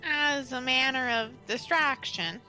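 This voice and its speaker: A woman voicing a shy, awkward and sad young male troll, speaking slowly and hesitantly. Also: high-pitched, sharp tone, soft background music, exaggerated voice, rough recording. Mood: timid. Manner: slow, halting, hesitant delivery. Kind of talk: voicing a character in a game playthrough.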